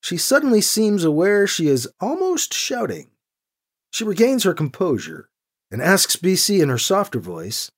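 An audiobook narrator reading a story in an expressive, dry storytelling manner. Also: mid-range voice, normal speed, breathy edge. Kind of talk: scripted narration.

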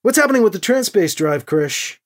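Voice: medium pitch, sing-song, a little fast, natural voice. Brief: a level-headed male leader, voiced by the narrator, firm delivery with dry jokes. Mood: steady. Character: steady male fighter leader, calm and dry.

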